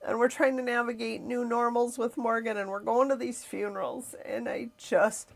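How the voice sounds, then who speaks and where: Gravelly middle-aged woman, reflective. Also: a little high, little pitch movement, moderate pace. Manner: reflective, emotional, sighing. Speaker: podcast host. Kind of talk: personal storytelling podcast.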